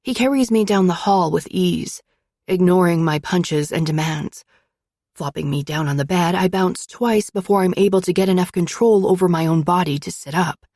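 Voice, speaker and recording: A woman's voice: on the low side, moderate pace, darkish tone, no room sound, studio quality. A woman narrating a first-person romance audiobook in an intimate, emotional storytelling manner.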